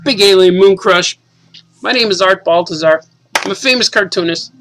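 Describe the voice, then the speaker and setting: A man in his forties, a cartoonist, casually and excitedly reading his comic aloud to kids. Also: high voice, moderate pace, soft background music, poor audio. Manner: enthusiastic, casual, says "man" a lot.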